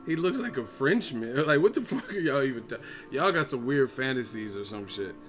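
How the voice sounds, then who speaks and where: A man hosts a casual live stream, reading viewer comments aloud and roasting them with loud, profane disbelief. His voice swings high when he reacts. Faint music sits under his talk. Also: normal speed. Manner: animated, profane, mocking, quoting chat in funny voices. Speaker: boxing live stream host.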